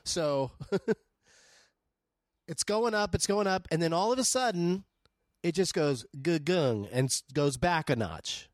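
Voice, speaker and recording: A man's voice: on the high side, expressive, takes it slowly, long pauses, no echo, clean studio sound. A man who is a comedian guest on a podcast, chatting in a laid-back way with wry asides and chuckles. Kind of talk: casual chat.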